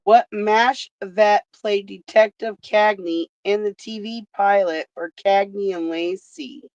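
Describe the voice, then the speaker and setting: A woman hosting a casual trivia stream, reading questions slowly and swearing freely between them. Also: medium pitch, fairly even intonation, darkish tone. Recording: dull lo-fi stream audio.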